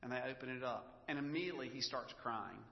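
Pastor preaching in an echoey hall. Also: male voice, mid-range voice, fast talker, vocal fry. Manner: conversational, storytelling, emotional at times. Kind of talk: sermon. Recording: echoey hall, dull lo-fi sound.

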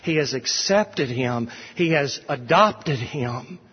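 A man's voice: medium pitch, animated, takes it slowly, breathy edge. Man, pastor, sermon, emphatic, repeats for emphasis, long echo, muffled dull sound. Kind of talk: expository sermon. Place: church sanctuary. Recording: dull recording with long hall reverb.

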